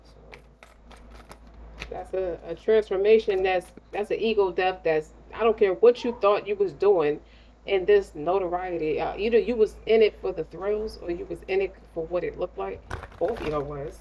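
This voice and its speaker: A woman's voice: mid-range voice, normal speed, highs cut off. A woman giving a casual tarot reading in a blunt, slangy, streetwise way. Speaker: tarot reader.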